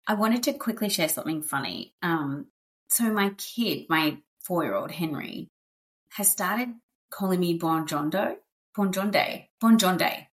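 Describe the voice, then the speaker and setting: A woman's voice: fairly low pitch, animated, unhurried. A woman hosting a podcast in a chatty, upbeat way, full of fillers and asides. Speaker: podcast host. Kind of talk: casual chat.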